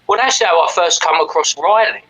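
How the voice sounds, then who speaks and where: A man's voice: a little high, normal speed, fairly bright tone, poor audio. Brash, sweary London man. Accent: London English. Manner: swearing, rambling, cockney slang. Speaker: stream co-host. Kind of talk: casual stream chat.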